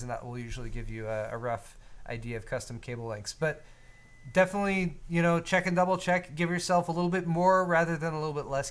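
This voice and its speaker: A man's voice: fairly high pitch, smooth. A man co-hosting a live tech show, chatting casually and reading out viewer donations. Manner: relaxed, reads viewer donations aloud; frequent fillers and restarts, conversational. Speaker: co-host of a hardware show. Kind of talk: casual live-stream chat.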